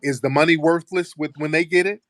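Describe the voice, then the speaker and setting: A man's voice: a little high, fairly even intonation, a little fast, fairly bright tone, dry recording, clean studio sound. A man hosting a heated live call-in show, talking bluntly and combatively, often profane. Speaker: host.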